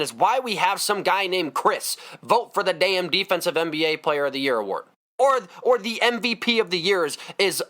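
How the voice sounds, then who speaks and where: A man's voice: on the high side, pushed and bright. Fired-up man ranting about basketball. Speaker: podcast host. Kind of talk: solo sports podcast rant.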